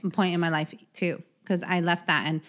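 A woman's voice: on the low side, flat delivery, moderate pace, fairly bright tone. A woman co-hosting a podcast in casual chat, talking earnestly and with many restarts as she explains. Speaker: podcast co-host.

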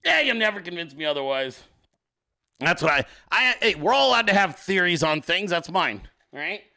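A male host giving profane comedic political commentary, animated and often laughing. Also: high-pitched, moderate pace.

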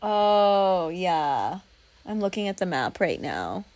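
A young woman co-hosting a casual book discussion podcast, animated and quick to laugh, acting out reactions as she talks. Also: on the low side, no room sound. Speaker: podcast co-host.

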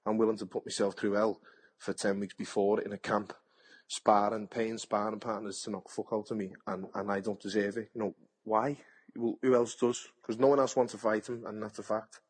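Brief: man in his 30s, boxer, husky low voice, frank and salty. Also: little pitch movement, moderate pace. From Britain. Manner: frank and blunt, swears freely, acts out past conversations. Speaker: boxer, podcast guest. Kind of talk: casual interview chat.

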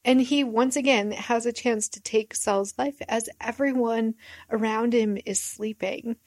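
A woman's voice: a little high, fairly even intonation, a little slow, darkish tone, no echo. Woman teaching a dry Bible study. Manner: plain, reflective explaining with repetition. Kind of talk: Bible study reading and commentary.

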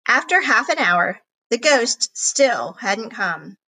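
A woman reading a children's chapter book aloud in an expressive storybook narration. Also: mid-range voice, unhurried, creaky, few pauses, slightly rough, low-quality recording. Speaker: reader.

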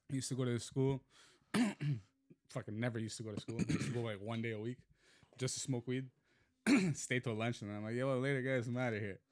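A man telling a high-school fight story in casual podcast chat, swearing freely and acting out the quotes. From Montreal. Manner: swearing, animated retelling with acted quotes.

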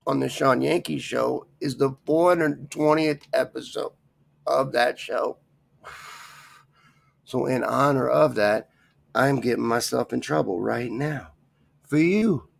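A man's voice: medium pitch, gravelly. A man hosting a podcast on his own, talking in a rambling, profane, grumbling way. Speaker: podcast host. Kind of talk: casual solo rant.

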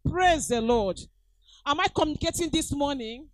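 A middle-aged Nigerian woman preaching with a high voice that leaps up and down in pitch. She presses her points by repeating them and calls out to her congregation. The sound is close and dry. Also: very animated, measured pace, fairly bright tone, no room sound, rough recording. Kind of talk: sermon.

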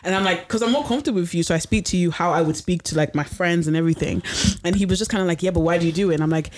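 A woman's voice: fairly low pitch, very fast, a little mellow. A young woman who is a guest on a podcast, chatting casually in a playful way and laughing easily. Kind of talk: casual chat.

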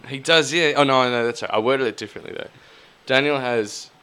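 This podcast co-host has a mid-range voice, a fairly quick pace, and smooth sound. In casual conversation he rambles through stories, swearing and doing lively impressions.

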